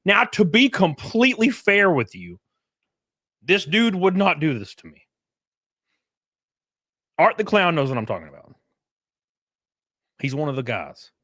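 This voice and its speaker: A man's voice: fairly high pitch, very animated, a little slow, pauses often, bright, forceful tone, no room sound, clean studio sound. A man streaming live, giving casual, profane reaction commentary and acting out quotes as he tells stories.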